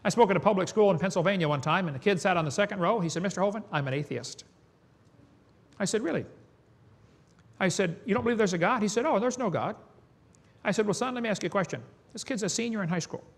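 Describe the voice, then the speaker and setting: A man's voice: high voice, racing. A man giving a preaching lecture to an audience in a folksy, emphatic way. He chuckles between points and often asks "okay?". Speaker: creationist speaker.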